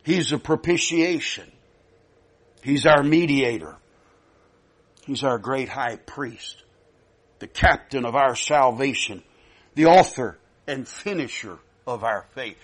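A man preaching a sermon, emphatic, rising loud and dropping soft, repeating himself often. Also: on the high side, animated, unhurried.

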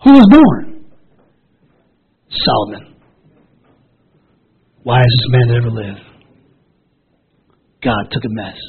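A man preaching a sermon, emotional and repetitive, with a hoarse, rough voice. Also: mid-range voice, wildly swooping pitch, slow pace, long pauses, phone-quality sound. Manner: emotional, repetitive, rising to shouted calls.

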